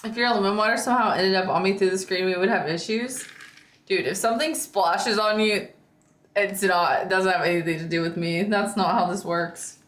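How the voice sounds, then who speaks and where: A woman's voice: medium pitch, moderate pace, a bit bright. A young adult woman on a stream, chatting casually with plenty of laughing, slang and filler words. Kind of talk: casual chat. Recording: echoey room.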